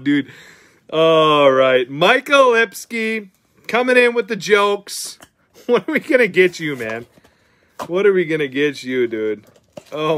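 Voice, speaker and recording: A young man chats as host while he opens card packs, excitable and full of slang. His voice sits a little high and sounds bright and forceful. He talks at an unhurried pace in a dry, close sound. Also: no echo. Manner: excitable and slangy, calls viewers dude and bro. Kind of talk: live pack-opening chat.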